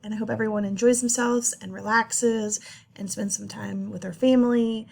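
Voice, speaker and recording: Earnest young woman presenting with many pauses. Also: medium pitch, steady tone, vocal fry, a little mellow. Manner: halting with many ums, earnest and emotional. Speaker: student presenter. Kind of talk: class presentation reading interview notes.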